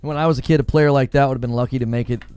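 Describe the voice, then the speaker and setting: A middle-aged man hosting a gaming podcast, telling a story in casual chat, heated and animated, restarting sentences often. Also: medium pitch, racing, smooth, dry recording, faint music behind. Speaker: podcast host.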